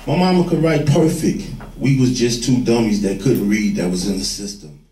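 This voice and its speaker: A former gang leader telling street stories to young people, vivid and plain-spoken. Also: male voice, mid-range voice, moderate pace, dark tone. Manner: vivid storyteller, acts out quoted voices. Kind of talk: storytelling talk to a room. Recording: echoey room, far from the mic.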